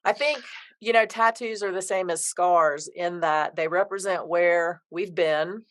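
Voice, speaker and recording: A woman's voice: on the low side, unhurried. A woman hosting a podcast interview, upbeat and friendly as she asks questions. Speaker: podcast host. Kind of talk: casual interview.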